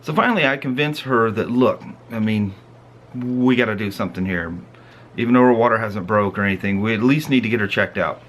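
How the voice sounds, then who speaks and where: Middle-aged man telling a lively story. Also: lowish voice, fairly quick, slight background noise. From Pacific Northwest of the US. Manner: animated, laughs and acts out the story. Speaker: vlog host. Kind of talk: casual storytelling.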